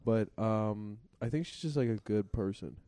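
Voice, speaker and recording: A young man with a low, dark voice tells rambling, self-deprecating stories in a casual podcast chat. He leans on filler words as he goes. The recording is close and dry. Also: moderate pace, no room sound. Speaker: podcast co-host.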